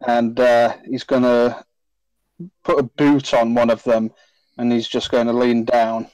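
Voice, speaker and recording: A man's voice: medium pitch, level tone, measured pace, a little mellow, dry recording, dull audio. A man playing a tabletop game, describing his character's actions in the third person. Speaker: player. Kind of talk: casual tabletop play.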